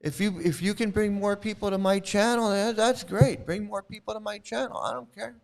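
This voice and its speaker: Man, fairly high voice, livestream host, combative, repetitive, talking to chat. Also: steady tone, normal speed, vocal fry. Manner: combative, repetitive, speaks straight to viewers. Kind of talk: livestream commentary, answering chat.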